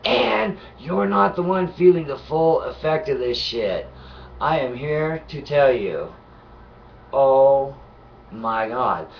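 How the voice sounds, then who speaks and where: Brief: ill, nauseated man, constant swearing, low grumbles into shouts, muffled lo-fi audio. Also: lively intonation, slow pace, gravelly, far from the mic, slight background noise. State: sick and nauseated. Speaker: vlogger. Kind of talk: angry profane rant to camera.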